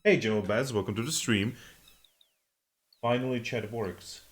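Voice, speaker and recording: Game streamer, casual and profane, talking to chat in an ordinary mid voice. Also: male voice, mid-range voice, normal speed. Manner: swears freely, talks to chat. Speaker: live streamer. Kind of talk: casual gameplay commentary.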